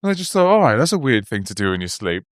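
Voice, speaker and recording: Man telling animated stories. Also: on the low side, fast, dry recording, clean studio sound. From Wales. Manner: animated storytelling, acts out quoted voices. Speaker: podcast host. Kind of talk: casual podcast chat.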